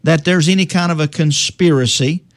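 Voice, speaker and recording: Man teaching scripture, higher voice, dry sound. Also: no room sound. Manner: halting, many restarts, quotes scripture in old-fashioned wording. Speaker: preacher. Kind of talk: conversational religious teaching.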